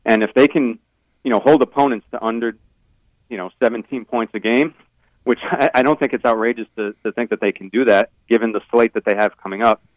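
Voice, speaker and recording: A man's voice: mid-range voice, steady tone, fairly quick, no room sound, highs cut off. A man, a team beat reporter, giving thoughtful sports analysis on a radio show, hedging with many fillers.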